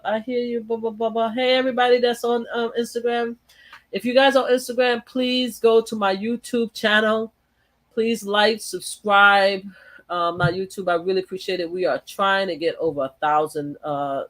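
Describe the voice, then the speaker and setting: Lady vlogger going off on politics, cussing, laughing, all fired up. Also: mid-range voice. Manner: heated, blunt and profane, with frequent laughs. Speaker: channel host. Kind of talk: casual political commentary. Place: home in New York.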